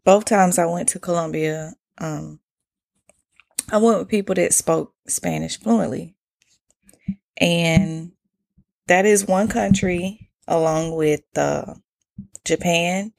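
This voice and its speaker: Young atlanta woman podcasting, lowish fry-heavy voice, chatty and blunt, swears a lot. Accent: Atlanta Southern. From United States. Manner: candid, chatty, swears freely, slangy. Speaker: podcast host. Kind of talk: casual solo podcast storytelling.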